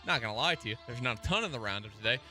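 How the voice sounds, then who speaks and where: A man's voice: medium pitch, lively intonation, very fast, faint music behind. A man co-hosting a sports radio show, chatting and teasing in a casual, joking way. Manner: joking, teasing, bright delivery. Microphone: studio microphone.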